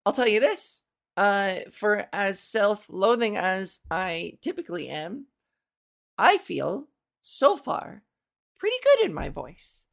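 Slow, gravelly woman podcast host. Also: mid-range voice, very animated. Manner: rambling, self-mocking, laughs at own jokes. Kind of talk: casual solo podcast chat. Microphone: studio microphone.

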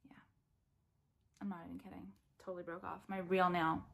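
A woman vlogger chats casually with viewers about her recent buys, blunt and foul-mouthed, with occasional rants. Her creaky voice is fairly low in pitch and flat in delivery, and she talks fairly quickly.

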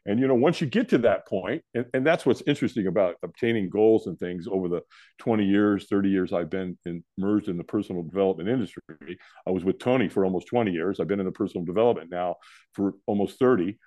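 An older man from California, a podcast guest telling a personal story in a lively way, acting out the other people's lines. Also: low voice, fast talker. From California, USA. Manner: animated storyteller who acts out the quoted voices. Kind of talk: storytelling in an interview.

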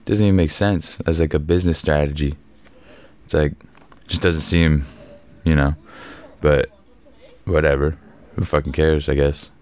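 A young man hosting his own podcast alone, rambling through a casual story full of swearing, with sudden loud bursts. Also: extremely low pitch, fairly even intonation, measured pace. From Canada. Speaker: podcast host. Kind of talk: casual solo podcast monologue.

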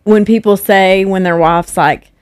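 In casual conversation, a young woman who is the host's wife and a podcast guest tells animated stories, acting out other people's words. Her mid-range voice moves at a measured pace with a clean tone. The studio sound is clean and echo-free.

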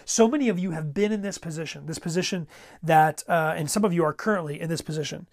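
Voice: medium pitch, fast. A pastor preaching a sermon in a conversational way, repeating words and pressing urgent exhortations.

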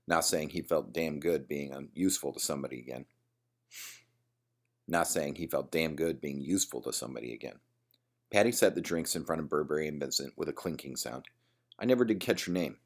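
A man narrating a gritty story in a plain, steady reading. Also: rumbling low, brisk. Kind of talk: audiobook narration.

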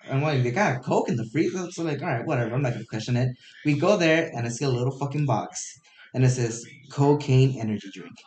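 A young man, a podcast co-host, tipsy from drinking, telling a profane, animated story in casual chat. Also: mid-range voice, quick pace. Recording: echoey room, faint noise.

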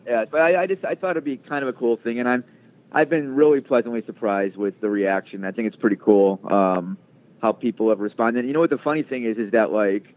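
Speaking briskly in a medium-pitched voice, a Chicago-area man who works as a sports radio producer rambles through a long story as an interview guest. He leans on fillers and keeps restarting, and the line sounds tinny, like a phone.

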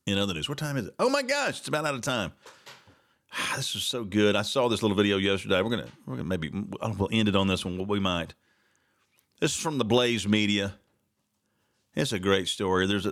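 A man's voice: on the low side, a bit bright. A man hosting a solo talk show, giving opinionated commentary with sarcastic, mocking asides and many repeated words.

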